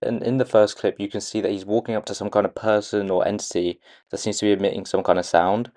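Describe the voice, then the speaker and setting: A man with a fairly low-pitched voice gives a casual spoken analysis to his viewers. He hesitates often, filling gaps with "um" and circling back to restart his sentences. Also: little pitch movement, fast talker, a little mellow. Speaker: video creator analysing a movie trailer. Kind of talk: casual commentary.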